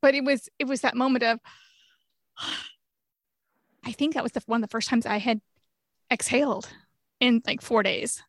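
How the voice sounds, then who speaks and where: A frank woman with a fairly high voice, talking candidly in a podcast conversation. She laughs easily and doesn't mind a swear word. The recording is dry and close, with no room sound. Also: moderate pace, pauses often, no room sound. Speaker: guest sharing grief story.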